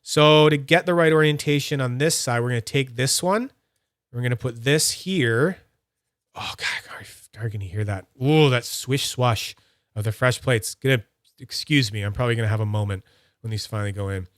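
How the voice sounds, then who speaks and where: A man's voice: mid-range voice, moderate pace, no echo, clean studio sound. A man streaming live, chatting casually and talking through each step of a hands-on demo while answering his chat. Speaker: fidget toy streamer.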